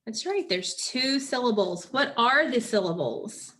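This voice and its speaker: A woman teaching a phonics lesson, prompting children patiently and pausing for their answers. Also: a little high, lively intonation, fairly bright tone.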